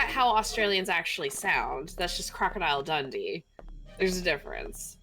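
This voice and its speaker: A woman's voice: on the low side, sing-song, normal speed, pushed and bright, soft background music, poor audio. A woman co-hosting a game stream, chatty and teasing in casual conversation. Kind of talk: casual chat while gaming.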